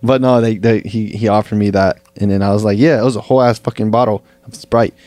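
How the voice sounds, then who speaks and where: A man's voice: fairly low pitch, fairly even intonation, fast talker, warm tone, no echo. A young man co-hosting a podcast, telling a story in casual, profane slang. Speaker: podcast co-host. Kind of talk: casual chat.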